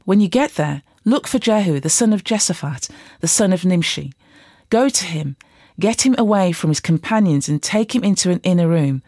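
A Bible reader reading scripture aloud at a steady, even rate. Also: medium pitch, no room sound, clean studio sound.

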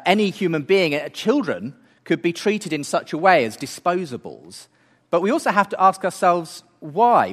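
A man's voice: fairly high pitch, a bit bright, in a large hall. A man giving an earnest talk, building his case through rhetorical questions. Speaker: speaker. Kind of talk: apologetics talk.

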